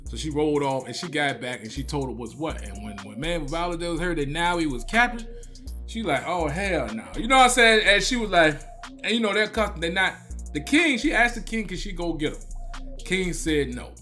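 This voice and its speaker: A man's voice: on the high side, animated, a little fast, bright, forceful tone, soft background music. A man giving a casual spoken movie review. He retells the scenes with emotion and animation, full of slang and a repeated "man".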